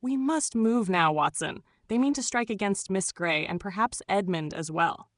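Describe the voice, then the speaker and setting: A woman voicing a brilliant male detective who speaks in a crisp, decisive way. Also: medium pitch, moderate pace, no room sound, studio quality, close to an everyday voice. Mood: urgent.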